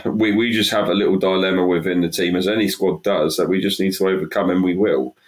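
A very low-pitched man in casual football chat. He talks emphatically, doubling up words as he gets going, in a loose and opinionated way. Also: steady tone, quick pace. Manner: emphatic, repeats words as he builds up steam. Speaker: podcast co-host.

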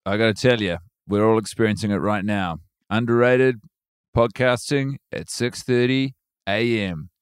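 Wry New Zealand man, smooth voice. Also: lowish voice, normal speed, no echo, clean studio sound. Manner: wry, understated. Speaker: comedian guest. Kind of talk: casual comedy chat.

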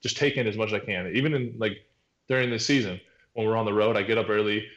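A man's voice: on the low side, steady tone, fast, a bit bright, muffled recording. A man in his thirties, a podcast guest, talking in a laid-back, rambling way with lots of fillers. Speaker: podcast guest, pro baseball pitcher. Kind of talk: casual chat. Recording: roomy echo.

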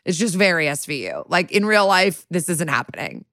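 A woman's voice: fairly low pitch, big pitch swings, a little fast, fairly bright tone, no echo, studio quality. A woman co-hosting a podcast, adding wry, chatty commentary in casual conversation. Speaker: podcast co-host. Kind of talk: casual chat.

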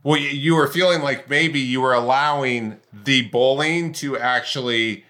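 Bright-voiced male interviewer. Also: medium pitch, measured pace. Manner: reflective, restating what the guest says. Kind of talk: interview conversation.

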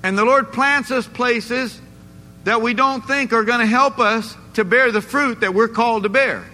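Male pastor, sermon, emphatic, questions the congregation, high pitch, ringing church echo. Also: moderate pace, bright, forceful tone. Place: church sanctuary. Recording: echoey church hall, faint noise.

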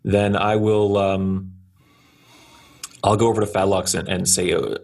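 A man's voice: deep voice, little pitch movement, measured pace, gravelly, a little mellow. A man playing a tabletop role-playing game, thinking aloud hesitantly as he works out his move. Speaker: player. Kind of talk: casual tabletop play.

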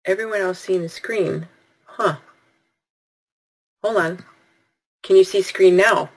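A woman's voice: mid-range voice, slow, poor audio. A woman hosting a live online product webinar, talking in a bubbly, gushing, chatty way and answering her viewers' comments. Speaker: webinar host.

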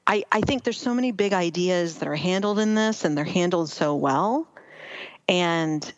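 A woman talking through a book on a podcast, thoughtful and keen as she explains. Her voice is on the low side for a woman. The sound is a bit dull and dry, as if the top end were trimmed. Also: moderate pace, no room sound. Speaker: podcast co-host. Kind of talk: casual book chat.

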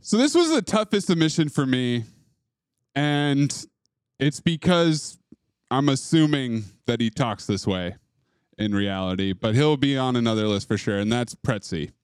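A man's voice: mid-range voice, animated, unhurried, smooth, no echo, studio quality. A man co-hosting a comedy podcast in casual chat, rambling and slipping into a tough-guy impression now and then. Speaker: podcast co-host.

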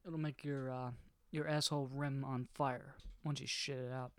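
A man's voice: medium pitch, little pitch movement, moderate pace, clear, resonant tone, dry recording. A tipsy young man co-hosting a podcast, rambling and giggling in casual chat. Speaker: podcast co-host. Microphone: studio mic held in hand.

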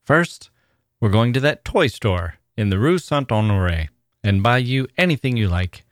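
A man voicing a gentle, attentive father who speaks in a coaxing way. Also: medium pitch, expressive, normal speed, dry recording, clean studio sound, close to an everyday voice.

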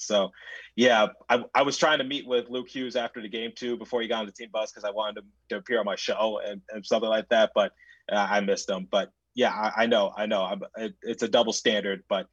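A young man, a guest on a podcast, telling a story in casual chat, full of fillers and restarts, who gets excited as he goes. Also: on the low side, a little fast, no room sound. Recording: dull lo-fi mic.

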